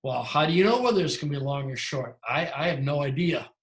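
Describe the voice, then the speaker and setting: A man's voice: a little high, lively intonation, fast, echoey room. A man teaching a language class, explaining at length with frequent restarts and self-corrections. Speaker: Greek teacher. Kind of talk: lecturing in a class.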